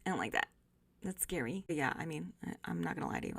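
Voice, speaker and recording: A woman reads a listener's haunting story at a rapid clip, then chats with her viewers. She talks fast and breezily and swears casually, speaking into a desk microphone. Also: low voice, expressive, gravelly, a bit bright, slightly rough, no echo, clean studio sound. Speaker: host of a scary story channel. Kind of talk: casual story reading and chat.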